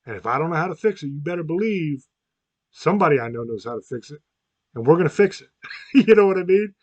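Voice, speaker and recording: A man's voice: a little high, animated, fast, no echo, muffled recording. A man, hosting a podcast and talking bluntly, swearing a lot and getting worked up. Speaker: podcast host. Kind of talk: profane podcast monologue.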